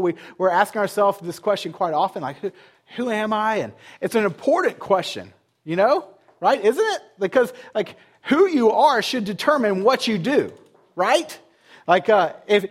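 A man in his thirties, a pastor, giving a casual, conversational sermon full of rhetorical questions and fillers. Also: sits high.

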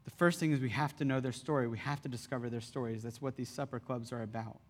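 A man in his thirties preaching a sermon as pastor, conversational and animated in his storytelling. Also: medium pitch, quick pace. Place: church hall. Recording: reverberant church hall.

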